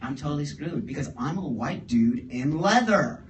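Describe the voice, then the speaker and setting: A man telling a story on stage to a live audience. He talks in an animated way, laughs often and acts out the other people's lines. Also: a little high, normal speed, crowd noise. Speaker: guest storyteller. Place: live event in a store before an audience. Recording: roomy live room, distant mic, audible audience.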